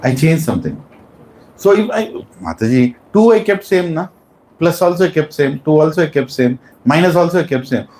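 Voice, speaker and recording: A man's voice: fairly high pitch, very animated, a little fast, a little mellow, slight background noise. A man teaching a class of devotees, quizzing them with questions and stressing his points. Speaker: spiritual teacher. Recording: echoey room.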